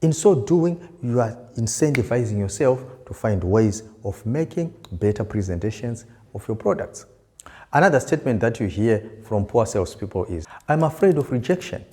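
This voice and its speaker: A man's voice: mid-range voice, lively intonation, moderate pace, a little mellow. A male sales trainer giving a motivational lesson, stressing and repeating key words for emphasis. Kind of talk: motivational teaching talk.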